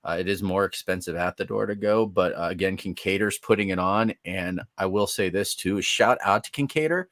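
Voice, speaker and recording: Jokey lower-voiced male co-host. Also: a little fast, hardly any pauses, a bit bright, no echo, studio quality. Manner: jokey, laughs while reading event details. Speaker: podcast co-host. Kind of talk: casual sports podcast chat.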